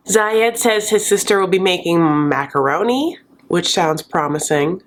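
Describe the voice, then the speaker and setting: A woman hosting a casual TV recap, gossipy and sassy with quick joking asides. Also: lowish voice, slight background noise. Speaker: recap host.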